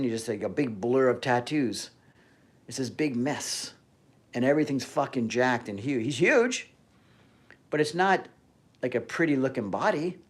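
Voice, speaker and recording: A man hosting a fitness livestream, ranting casually with heavy swearing and frequent trailing off mid-sentence. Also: mid-range voice.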